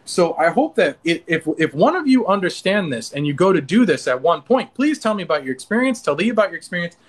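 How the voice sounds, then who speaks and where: High-voiced earnest man, animated. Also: fast. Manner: earnest, animated, acts out inner dialogue with many restarts. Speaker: interview guest. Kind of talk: casual interview talk.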